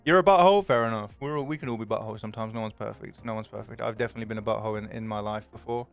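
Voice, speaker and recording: A man's voice: fairly low pitch, creaky, soft background music. A young man, chatting casually and jokingly with his stream viewers, swearing freely. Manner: chatty, jokey, quick to swear.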